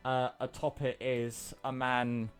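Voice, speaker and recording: A man narrating a tabletop game as game master, relaxed and rambling with many pauses. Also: medium pitch, faint music behind.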